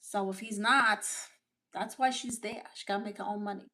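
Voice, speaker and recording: A woman's voice: medium pitch, fairly even intonation, normal speed, pushed and bright. A woman with a Brooklyn accent playing a brash, opinionated Latina aunt on a comedy livestream, answering chat with blunt, sassy retorts. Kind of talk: in-character livestream chat, reading viewer comments.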